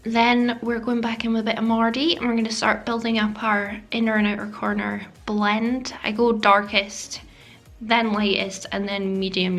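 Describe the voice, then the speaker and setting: A woman's voice: a little high, little pitch movement, moderate pace, a bit bright, soft background music. A woman narrating a makeup tutorial voice-over, chatty and self-deprecating, sometimes dropping to a whisper. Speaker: beauty vlogger. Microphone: voice-over mic.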